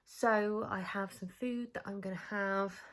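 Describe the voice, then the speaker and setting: A woman's voice: medium pitch, fairly even intonation, measured pace. A woman, talking to the camera in a casual, chatty vlog. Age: 20s. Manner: chatty and bubbly, lots of "like" and "so". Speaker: vlogger.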